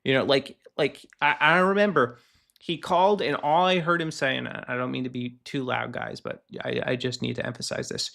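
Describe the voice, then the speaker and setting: Man, gravelly voice, casual podcast rant, lively storyteller. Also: mid-range voice, brisk. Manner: animated storytelling, acts out quoted callers. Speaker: podcast host. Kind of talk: casual solo rant, reading posts aloud.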